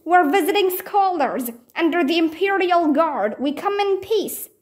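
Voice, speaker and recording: A woman's voice: very high voice, unhurried, pitched above the performer's own voice. A woman reading the lines of an eager, earnest young boy in a children's storybook. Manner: excited, raised voice.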